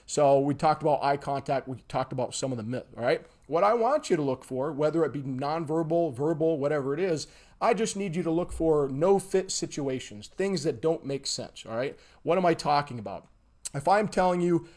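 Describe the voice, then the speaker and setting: A man's voice: on the high side, moderate pace. Emphatic man teaching on a livestream. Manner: emphatic, keeps checking in with "okay?" and "all right?"; animated, acts out examples. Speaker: instructor. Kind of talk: livestream lesson.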